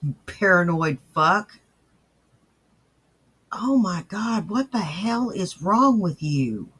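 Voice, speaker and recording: A man's voice: high voice, animated, takes it slowly, a bit bright, slightly rough. A man commenting on a clip in a blunt, scornful way, swearing casually. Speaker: commentator reacting to clips. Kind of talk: reaction commentary.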